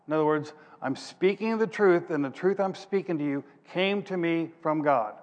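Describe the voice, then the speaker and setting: A man preaching a sermon in a fairly high voice, reading scripture aloud and then explaining it in plain words. He thinks out loud as he hunts for his next passage. His voice trails off into the long reverb of a large hall. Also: normal speed, hardly any pauses.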